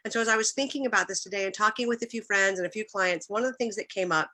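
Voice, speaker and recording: A woman's voice: medium pitch, rapid-fire, few pauses, pushed and bright. A middle-aged woman giving an earnest, personal faith talk, telling stories and sometimes growing emotional. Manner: earnest, emotional, occasional restarts. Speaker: speaker at a church talk.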